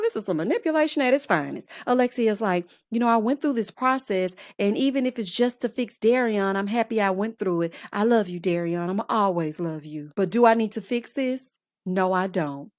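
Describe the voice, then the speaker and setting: A woman's voice: medium pitch, expressive, moderate pace, fairly bright tone, no room sound, studio quality. A woman vlogger giving a sassy, exasperated recap of a reality show, talking casually to her viewers. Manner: sassy, exasperated, calls viewers honey and child.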